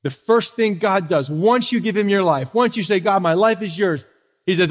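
Male pastor, high voice, casual preaching with rhetorical questions, long echo of a church hall. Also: lively intonation, moderate pace, breathy edge. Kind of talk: sermon. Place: church sanctuary.

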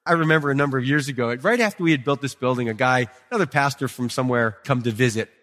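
A man's voice: medium pitch, fast talker. Conversational male pastor preaching in hall. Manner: conversational, swings from quiet asides to emphatic peaks. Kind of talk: sermon. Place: church sanctuary. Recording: long reverb of a hall.

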